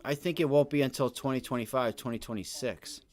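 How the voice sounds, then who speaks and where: A man hosting a live day trading stream, giving loose, slangy market commentary that swells into loud rants. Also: mid-range voice, a little fast. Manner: casual slangy talk that rises to loud rants. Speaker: day trading livestream host.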